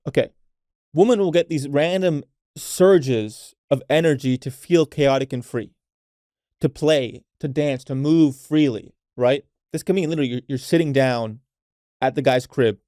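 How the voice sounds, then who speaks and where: A man hosts a solo podcast in a mellow, relaxed voice at an ordinary pitch, recorded dry and close. He talks in a loose, unfiltered way, swears casually and keeps checking in with "right?" as he coaches his listeners. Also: a little slow, no echo. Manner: unfiltered, swears freely, frequent "right?" tags; coaching tone addressed to women listeners. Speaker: podcast host.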